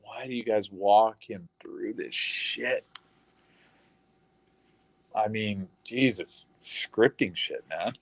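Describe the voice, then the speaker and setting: A man's voice: on the low side, slow, long pauses, dry recording. A man hosting a podcast, talking casually and incredulously over interview audio, cursing often and thinking aloud with fillers. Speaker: podcast host.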